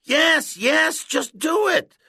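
A man's voice: extremely high pitch, lively intonation, takes it slowly, vocal fry, sharp tone, no room sound, studio quality, pitched above the performer's own voice, heavily acted. A man voicing an anxious, pleading schoolboy in a read-aloud story. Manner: pleading, whiny. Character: anxious schoolboy with a wasp on his neck. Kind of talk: storybook character voice.

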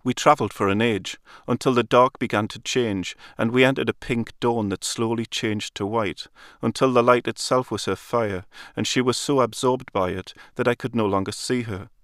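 A man reading a literary story aloud in a calm, measured storytelling manner. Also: mid-range voice, dry recording, clean studio sound. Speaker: narrator. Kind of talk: literary audiobook narration.

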